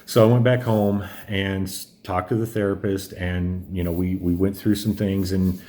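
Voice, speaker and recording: A man in his forties with a low, mellow voice tells his own story candidly. He rambles openly, restarting sentences and leaning on fillers, in the manner of a truck driver vlogging. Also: little pitch movement, moderate pace. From Indiana, US. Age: 40s.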